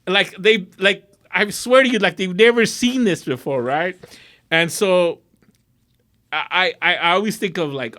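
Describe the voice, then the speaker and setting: A middle-aged man from Southern California telling a profane, animated story in a casual interview, slipping into Spanish phrases. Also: high voice, a little slow. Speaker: guest artist.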